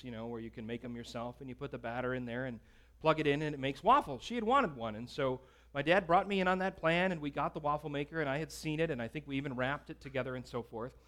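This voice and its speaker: A man's voice: mid-range voice, a bit bright. A man preaching a sermon, telling a personal story in a conversational way with casual fillers. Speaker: pastor.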